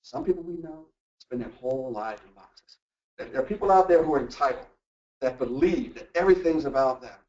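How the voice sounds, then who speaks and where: A man presenting a motivational workplace talk, animated and full of rhetorical questions. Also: on the high side. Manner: animated, acts out quoted voices and asks rhetorical questions. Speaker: workshop presenter. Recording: echoey room, distant mic, dull lo-fi sound.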